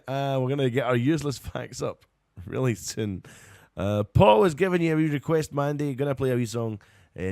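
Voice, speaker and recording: Giggly Scottish man with a lively voice. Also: mid-range voice, moderate pace, no room sound, clean studio sound. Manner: giggly, rambling and playful. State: tired. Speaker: radio show host. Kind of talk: casual live radio chat.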